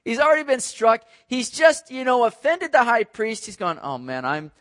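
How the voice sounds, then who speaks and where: Man, Bible teacher; conversational, explaining as he goes, high voice. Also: moderate pace, fairly bright tone.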